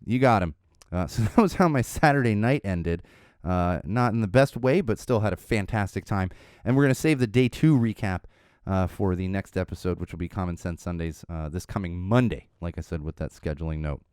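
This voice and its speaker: A man's voice: sits low, fairly quick, darkish tone, clean tone, no echo, clean studio sound. A man hosting a podcast, telling a long story in a casual, rambling way with lots of fillers and chuckles. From Southern California. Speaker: podcast host. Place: podcast studio. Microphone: studio mic.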